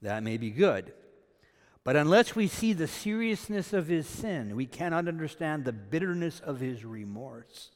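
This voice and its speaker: A man from Canada preaching a sermon. He swings between loud, emphatic peaks and quiet asides. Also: on the high side, very animated, normal speed, in a large hall. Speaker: pastor.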